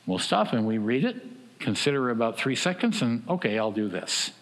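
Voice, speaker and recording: Animated male preacher in a reverberant hall. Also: moderate pace. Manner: animated, acts out quoted voices with big swings in pitch and loudness. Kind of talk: sermon.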